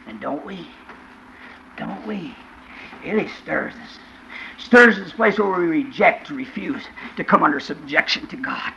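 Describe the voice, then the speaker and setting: A fervent male preacher with a high, bright, cutting voice and a gravelly edge. His pitch leaps wildly, from hushed asides to cried-out shouts. He keeps pressing the congregation with questions. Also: animated, measured pace, slight background noise, rough recording. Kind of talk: sermon.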